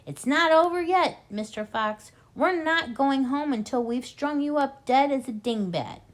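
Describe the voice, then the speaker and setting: A woman's voice: fairly high pitch, sing-song, moderate pace, pitched above the performer's own voice. A woman voicing a tall, skinny, cruel male farmer who sneers and gives orders in a storybook reading. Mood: taunting. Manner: sneering, commanding.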